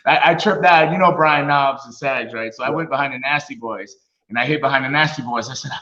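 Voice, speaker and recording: A man's voice: medium pitch, fast. A middle-aged man in casual interview talk, telling stories with lots of laughter and acted-out quotes. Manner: animated storyteller, laughs often, acts out quotes. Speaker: guest, retired wrestler. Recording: roomy, dull lo-fi sound.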